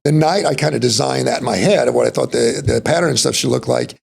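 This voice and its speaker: Folksy Texas man with a gravelly, husky voice. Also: medium pitch, fast talker. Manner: rambling, folksy, full of "you know" and "like". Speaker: podcast guest. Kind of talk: casual interview storytelling.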